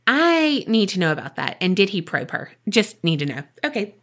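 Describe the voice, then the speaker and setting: A woman co-hosting a podcast, reading a listener's ghost story aloud and then chatting in a lively, swearing, laughing way. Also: medium pitch, moderate pace. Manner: animated, swears freely, laughs often. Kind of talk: casual chat and reading aloud.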